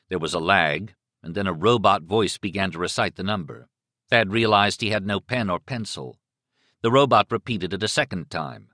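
A man narrating a novel as an audiobook in an expressive, dramatic reading style. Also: low-pitched, normal speed, dry recording, studio quality. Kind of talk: scripted narration.

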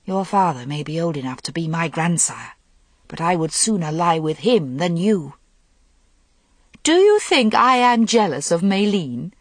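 A woman's voice: lowish voice, no room sound. A woman voicing a proud, scornful noblewoman who answers with cold defiance, in an audiobook reading.

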